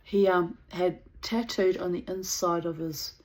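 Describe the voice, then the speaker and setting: Slow-talking blunt woman storyteller. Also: fairly low pitch. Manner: blunt, profane, animated storytelling. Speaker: vlogger. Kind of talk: storytelling to camera.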